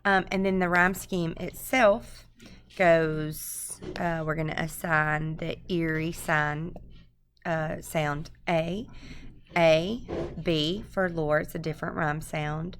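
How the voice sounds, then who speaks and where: A woman giving a screencast lecture, explaining step by step in a halting way with frequent pauses to think. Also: sits low, steady tone, slight background noise. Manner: halting, explanatory, many um fillers. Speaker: presenter explaining a poem.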